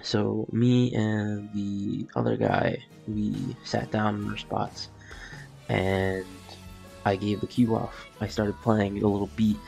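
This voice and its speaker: Gravelly young man telling a story. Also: fairly low pitch, expressive, slow, a little mellow, soft background music. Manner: rambling, many fillers, acts out quotes. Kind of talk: casual storytelling.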